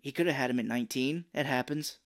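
A man co-hosting a casual movie podcast, chatting and joking, sometimes slipping into quick silly voices. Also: medium pitch, no room sound, clean studio sound. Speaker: podcast co-host. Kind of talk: casual movie-review chat.

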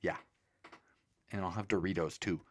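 Man, lowish voice, casual chat, teasing, blunt dry jabs. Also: fairly even intonation, normal speed. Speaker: podcast co-host.

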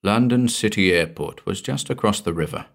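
Deep-voiced man narrating a spooky tale. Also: lively intonation, gravelly. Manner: measured, dropping low and soft at ominous lines. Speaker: story narrator.

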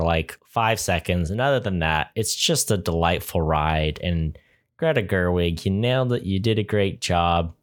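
A young man co-hosting a podcast, chatting casually and joking with frequent laughs. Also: sits low. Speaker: podcast co-host. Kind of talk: casual chat.

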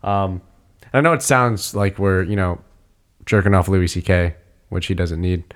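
A man with a lowish voice in loose, casual conversation. He tells stories with energy and slips into playful impressions. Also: unhurried. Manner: animated storyteller, acts out quotes. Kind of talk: casual chat.

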